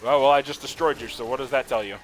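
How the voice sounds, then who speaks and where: A man's voice: mid-range voice, fast, a bit bright, slight background noise. A man giving casual gameplay commentary, trash-talking enemies with profanity and laughing at the game. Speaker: gaming streamer.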